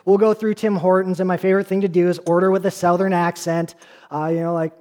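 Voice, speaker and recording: High-voiced pastor preaching conversationally. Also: male voice, flat delivery, a little fast, darkish tone. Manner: conversational preaching with asides and rhetorical questions. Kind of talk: sermon.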